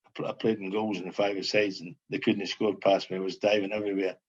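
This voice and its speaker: A man's voice: low-pitched, flat delivery, quick pace, breathy edge, highs cut off. An older man, a former footballer, reminiscing as a podcast guest in a rambling way, repeating phrases and asking "you know what I mean". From Scotland. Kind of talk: casual reminiscing chat.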